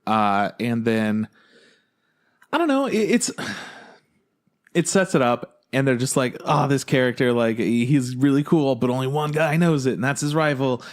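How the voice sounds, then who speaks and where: A man co-hosting a podcast in casual chat, talking excitedly and profanely and acting out scenes in quick impressions. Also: medium pitch. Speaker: podcast co-host.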